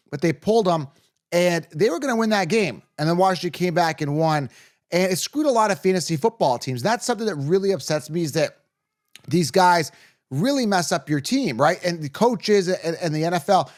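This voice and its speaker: A man with a slightly raised pitch hosts a fantasy football show in a casual, straight-talking way. He gives blunt, opinionated takes to his viewers. He keeps checking in with "okay?" and "right?" as he goes. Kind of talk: casual sports commentary to camera.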